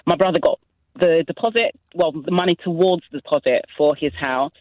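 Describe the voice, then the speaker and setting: A woman calling into a radio phone-in, briskly explaining her situation. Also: low voice, no room sound. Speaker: caller. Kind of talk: phone-in call. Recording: tinny phone line.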